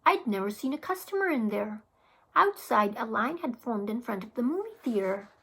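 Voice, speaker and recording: A woman teacher reading a children's chapter book aloud to her class, with expressive storytelling. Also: a little high, moderate pace, slightly rough, low-quality recording. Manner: expressive storytelling with small restarts.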